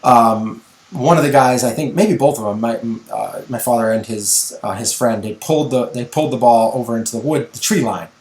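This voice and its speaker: Middle-aged guy on a podcast telling a story, gets animated, kinda echoey room. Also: medium pitch, fairly quick. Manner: animated storyteller, acts out voices in anecdotes. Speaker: podcast co-host. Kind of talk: casual chat.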